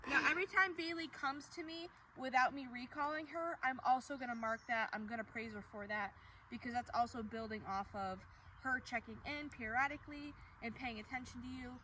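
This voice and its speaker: A young woman dog trainer explaining a recall exercise during an outdoor training demonstration, calm between bright calls to the dog. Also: a little fast. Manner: explains calmly, then high excited calls to the dog. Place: outdoors on a walk. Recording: distant mic with outdoor noise.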